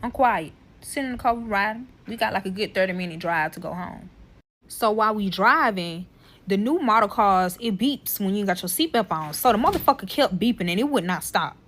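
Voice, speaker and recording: A woman's voice: mid-range voice, brisk, a little hiss or hum. A young woman telling a heated personal story straight to her viewers, swearing freely and talking to them directly. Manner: profane, animated, addresses viewers directly. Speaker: TikTok creator.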